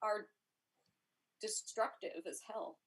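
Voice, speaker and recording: A woman's voice: medium pitch, slow, fairly bright tone. A woman who plays in a tabletop game, chatting casually and playfully. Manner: playful, laughs often. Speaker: player.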